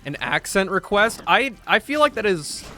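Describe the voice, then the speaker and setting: A man's voice: high voice, big pitch swings, moderate pace, bright, forceful tone, faint music behind. A young man chatting casually on a gaming livestream, laid-back, reading chat aloud as he plays. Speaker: streamer.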